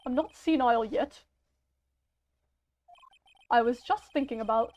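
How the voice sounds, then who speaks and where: A woman's voice: a little high, measured pace, no room sound, muffled recording, natural voice. A woman doing Grossberg, fussy old man. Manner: old-fashioned, fussy, hesitant. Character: fretful elderly male art dealer. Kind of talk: amateur game voice acting.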